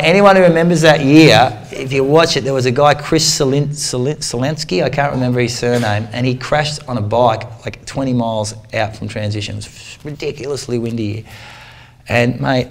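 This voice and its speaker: A man in his forties speaks to a club crowd, telling a story in a loose, slangy way. He jumps into the voices of the people in it and keeps it lively, with a voice of middle pitch. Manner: animated, slangy storyteller who acts out the people in his stories. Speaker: guest speaker, triathlete. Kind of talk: storytelling talk to a club audience.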